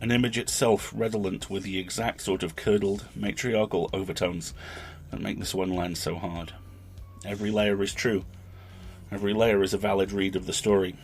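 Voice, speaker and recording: A man's voice: low voice, little pitch movement, moderate pace. A man hosting a fiction podcast, reflecting on the story in a thoughtful, literary way. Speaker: podcast host.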